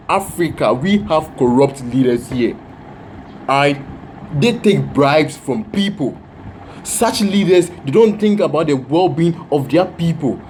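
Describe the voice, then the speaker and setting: A man's voice: fairly high pitch, a little mellow, slight background noise. A man giving casual, earnest commentary to his viewers. He often repeats words for emphasis. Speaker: reaction video host.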